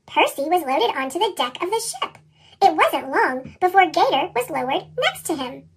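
A woman reading a children's picture book aloud, her voice pitched up into a chipmunk sound, with lively, expressive storytelling. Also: moderate pace. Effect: chipmunk pitch-shifted voice. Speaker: storybook reader. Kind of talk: children's read-aloud narration.

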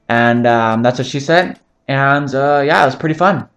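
Rambling, swearing young gaming commentator. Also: male voice, medium pitch, fast, few pauses, a bit bright. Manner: rambling, joking, swears often. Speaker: gaming channel host. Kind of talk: casual gameplay commentary.

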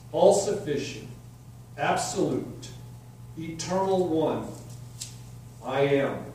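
A man preaching a sermon, expounding scripture slowly and deliberately with emphatic declarations. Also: high-pitched, mellow. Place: church sanctuary. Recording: echoey hall, distant mic, faint ambience.

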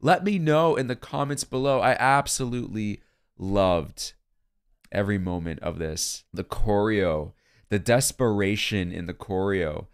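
A man's voice: lowish voice, measured pace, clean tone. A man hosting a music video reaction, gushing and emotional, exclaiming and singing along, with faint music behind him.

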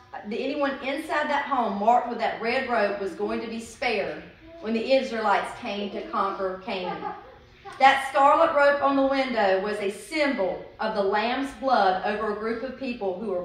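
A woman teaching from the Bible, reading passages aloud in a measured cadence and explaining them casually. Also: a little high, fairly bright tone, recorded from a distance. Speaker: podcast host teaching Bible. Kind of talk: scripture teaching with read passages. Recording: very echoey room, voice set back from the mic.

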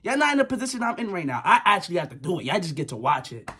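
A young man talking to his viewers in a casual vlog, nervous and rambling, with a slightly husky voice. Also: high voice, big pitch swings, racing, bright, forceful tone. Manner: nervous, jumpy, rambling, slangy, yelps and laughs. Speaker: vlogger.

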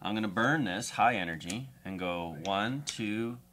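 A man's voice: lowish voice, a little slow, fairly bright tone. A man playing a board game casually, reading rules aloud and counting moves. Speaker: player and channel host.

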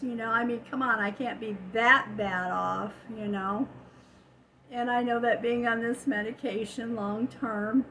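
A woman's voice: a little high, measured pace, sharp tone, a little hiss or hum, rough recording. An older woman casually chatting at home as a vlogger, telling stories and laughing often. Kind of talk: casual chat.

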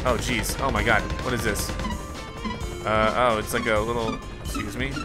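A man, a gaming video host, giving excitable let's play commentary and reacting out loud to a boss fight. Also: on the low side, moderate pace. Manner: excitable, flustered, talks to the game. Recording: clear game music behind.

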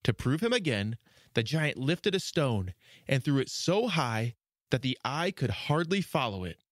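A man narrating a fairy tale for a children's podcast, measured and expressive. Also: medium pitch, no room sound, clean studio sound. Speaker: storyteller. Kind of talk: storybook narration.

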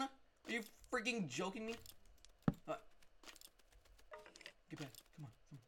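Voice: medium pitch, animated, normal speed, pauses often, background noise. A gamer giving jumpy, unscripted let's-play commentary while talking to the game.

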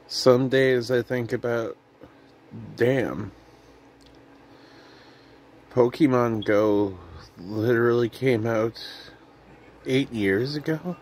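A man rambles through a comedy vlog. He drifts between goofy jokes and quiet, soft-spoken asides. He talks at an unhurried pace over a faint background hum. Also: medium pitch. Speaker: comedy vlogger.

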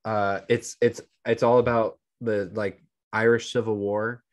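A man chatting loosely as a podcast co-host, his voice sitting a little low. He rambles, fills his talk with "like" and keeps restarting sentences as he works out his point. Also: level tone, unhurried. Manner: rambling, heavy use of "like". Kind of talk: casual podcast chat.

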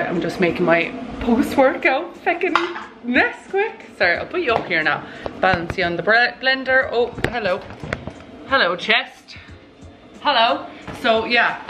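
A woman's voice: fairly high pitch, rough recording. A young Irish woman in her twenties, rambling chattily to her phone camera in a casual vlog. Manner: chatty, rambling, says "lads" and "like" a lot. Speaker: vlogger. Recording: faint music underneath.

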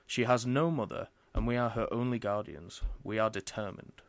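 A man's voice: lowish voice, normal speed, no room sound, lightly acted. A man reading aloud and voicing a stern, disapproving older father who speaks angrily. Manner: stern and angry.

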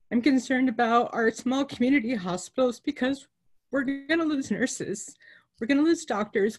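A woman who works as a nurse and represents nurses, speaking earnestly and with emotion at a virtual town hall, with pauses and fillers. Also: fairly high pitch, husky.

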